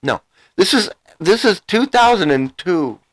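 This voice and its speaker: A man's voice: high voice, very animated, a little slow, low-quality recording. A man in his sixties telling a story in a rambling, casual way, full of restarts and repeated words, with the odd swear. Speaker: vlogger recounting his past.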